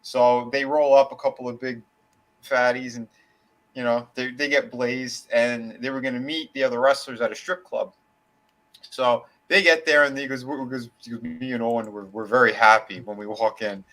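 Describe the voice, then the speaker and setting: A man's voice: mid-range voice, steady tone, normal speed, a bit bright, rough recording. Rambling man telling a story. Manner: rambling, lots of fillers and restarts, swears casually. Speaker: podcast co-host. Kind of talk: casual storytelling.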